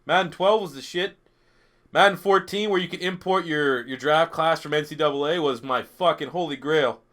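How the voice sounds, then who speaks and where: A young Canadian man streams a football video game, reading chat questions aloud and answering them in a crude, profane, blunt way. His voice sits on the high side, a bit bright, at a moderate pace.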